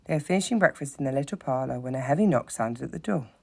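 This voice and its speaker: A teacher reading a children's story aloud in a steady, expressive narrating voice, with occasional slips. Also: medium pitch, fast, creaky, breathy edge.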